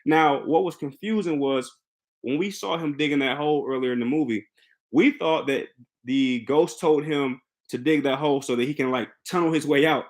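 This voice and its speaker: A young man with a slightly high voice retells a film's plot in a casual, excitable way. He trips over his words and starts sentences again as he goes, then drops into the characters' lines to act them out. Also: normal speed. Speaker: film reviewer recapping a movie. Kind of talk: casual spoken movie recap.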